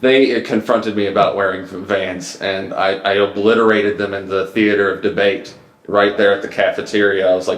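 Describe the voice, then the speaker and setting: A man hosting a podcast, telling stories in a deadpan, mock-grandiose way in casual comedic chat. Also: lowish voice, moderate pace. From Mississippi, US. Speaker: podcast host. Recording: echoey room.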